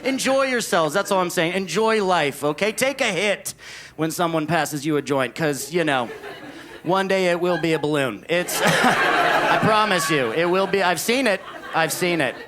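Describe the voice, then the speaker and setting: A man from the United States performing a self-deprecating, deadpan stand-up set on a club stage. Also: high-pitched, normal speed, some chatter behind. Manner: deadpan, self-deprecating, acts out others in quoted asides. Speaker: stand-up comedian. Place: comedy club stage before a laughing crowd. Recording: live club recording with audience noise.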